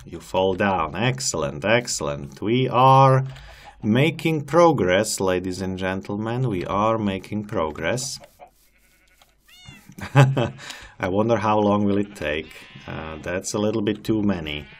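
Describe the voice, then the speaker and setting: A man's voice: low-pitched, unhurried, a little hiss or hum. A man giving casual gameplay commentary as a channel host, chatty and amused as he coaxes animals along.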